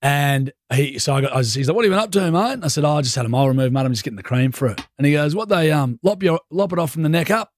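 A young Australian man hosting a radio show, telling a story in casual, animated banter. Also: a little high, very fast, few pauses. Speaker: radio host. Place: radio studio. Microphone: studio mic.

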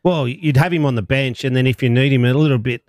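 A man on a sports talk panel in casual chat, reasoning points through in a measured way. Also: mid-range voice, a little mellow, no echo, studio quality.

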